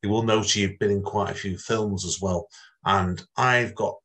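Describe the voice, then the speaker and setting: A man's voice: fairly low pitch, fairly even intonation, normal speed, fairly bright tone. A man hosting an interview, asking questions in a rambling, repetitive way. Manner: rambling, repeats himself, many restarts. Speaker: interview host. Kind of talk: casual interview chat.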